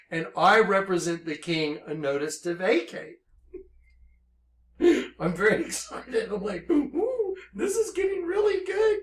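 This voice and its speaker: High-voiced fervent man preaching. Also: roomy sound. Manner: animated, swings between hushed and shouting. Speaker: self-styled minister. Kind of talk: impassioned religious monologue.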